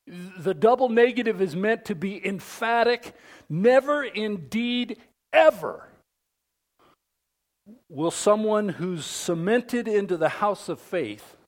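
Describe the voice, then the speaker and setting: Emphatic high-voiced preacher man. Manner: emphatic preaching with wide swings from loud declarations to hushed near-whispers; asks the congregation questions. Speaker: pastor. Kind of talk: sermon.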